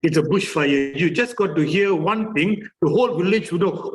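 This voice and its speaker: A man's voice: fairly high pitch, moderate pace, few pauses, poor audio. Chatty man with a Malaysian English accent. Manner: chatty, repetitive, full of fillers. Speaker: therapist. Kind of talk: conference presentation.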